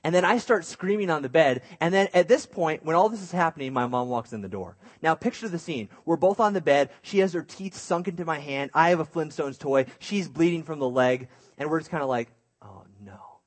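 A man preaching through a lively personal story, self-mocking and animated, with hushed asides. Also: fairly high pitch, a little fast, few pauses. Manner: drops to a hushed voice for inner thoughts.

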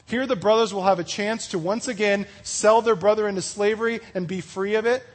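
A man giving a casual youth sermon, chatty and full of "like" and "you know", acting out the story's speakers in quick asides. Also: high voice, fairly even intonation. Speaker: youth pastor.

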